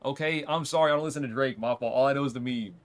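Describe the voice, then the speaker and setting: A man's voice: mid-range voice, racing. A man streaming a game, chatting casually, riffing and reading dialogue aloud. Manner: chatty, reads dialogue aloud, riffs and jokes. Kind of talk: casual game let's play.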